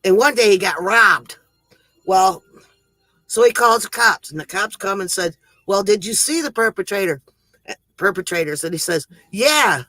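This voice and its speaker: On a livestream, a man with a high, animated, sharp-toned voice casually tells corny jokes at a moderate pace, chuckling at his own punchlines. He rambles and keeps interrupting himself, and the poor-quality audio has no room sound.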